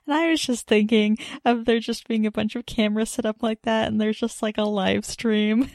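A woman's voice: fairly high pitch, steady tone, moderate pace, a little mellow, dry recording, studio quality. A young adult woman co-hosting a casual chat, rambling with lots of "like" fillers and giggles. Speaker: podcast co-host.

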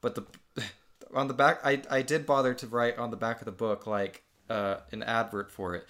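A man's voice: mid-range voice, fairly even intonation, normal speed, a bit bright. A young man reading aloud his own childhood comic book in casual chat, amused and laughing often.

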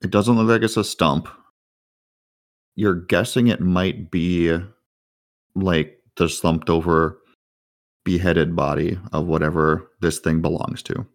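A man narrating a tabletop game as game master, describing scenes with many fillers and pauses. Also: low voice, fairly even intonation.

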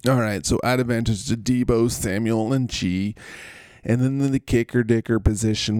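A man's voice: lowish voice, warm tone, no echo, studio quality. A man hosting a podcast in casual, rambling chat, full of jokes, puns and running bits. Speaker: podcast host.

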